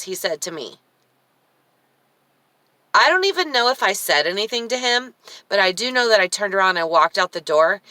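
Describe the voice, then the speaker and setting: A woman's voice: medium pitch, bright, forceful tone, no echo. A woman vlogging in a chatty, emotional, rambling way, her throat dry and her voice cracking in and out. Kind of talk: casual personal vlog.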